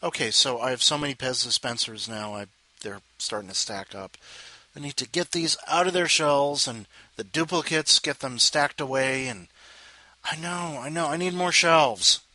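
Introducing readers on his show, a host rambles casually at a moderate pace, cutting himself off, cracking jokey asides and apologizing a lot. He has a bright, forceful mid-range male voice, recorded with no room sound.

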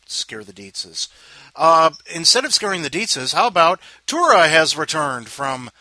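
A man hosting a show chats in a rambling, casual way between readers, interrupting himself, tossing in jokey asides and apologizing often. His mid-range voice is bright with a forceful tone, and the recording is dry.

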